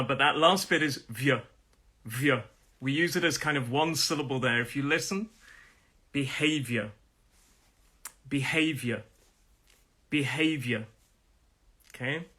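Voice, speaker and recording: A man with a Nottingham accent, teaching a live online English pronunciation lesson and repeating each word slowly for learners to copy. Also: fairly high pitch, pushed and bright. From Nottingham, England.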